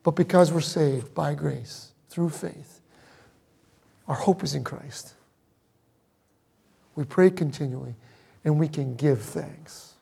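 A middle-aged man preaching a sermon, telling a personal story with emotion, moving between loud emphasis and hushed asides. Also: on the high side, slow, vocal fry, long pauses, slightly rough. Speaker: pastor.

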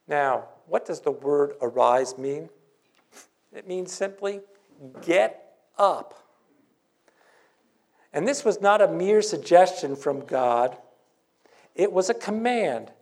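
A male pastor preaching a sermon in church, earnest, with dramatic pauses and scripture read aloud. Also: fairly high pitch, a little mellow.

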